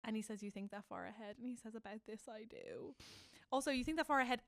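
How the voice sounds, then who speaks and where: Animated woman podcast co-host, dry sound. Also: fairly high pitch, fast, creaky, no room sound. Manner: animated, swings between loud excitement and soft mock-tender quoting. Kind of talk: casual chat recapping a TV show.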